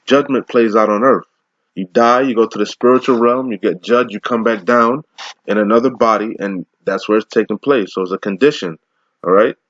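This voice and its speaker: A man giving an informal scripture lesson, mixing slow, deliberate verse readings with casual, profane slang asides and frequent laughs. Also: lowish voice, a bit bright, no echo, muffled recording. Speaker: scripture teacher.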